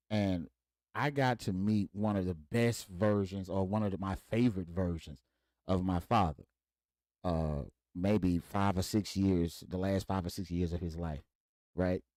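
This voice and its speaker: This podcast host from Mississippi speaks with a deep, slightly slow voice, with no echo on the track. He tells his story in a relaxed way, bringing it to life by performing each character's lines.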